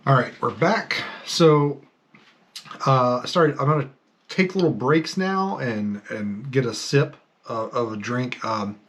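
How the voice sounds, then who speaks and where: A man's voice: mid-range voice, slow pace, fairly bright tone. A man hosting a podcast, telling stories in a casual, rambling way with many fillers and restarts. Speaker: podcast host. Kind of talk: casual storytelling monologue.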